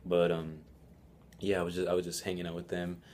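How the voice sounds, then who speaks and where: Teen vlogger guy, very low voice, rambly and swearing, telling a story. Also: monotone, a little fast, a little mellow, a little hiss or hum. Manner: rambling, profane, laughing. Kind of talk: casual storytelling vlog.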